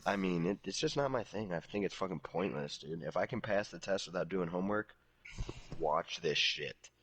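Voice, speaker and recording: A young man co-hosting a podcast, telling loose, profane stories from high school in casual chat. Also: expressive, normal speed, fairly bright tone, slight background noise. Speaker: podcast co-host.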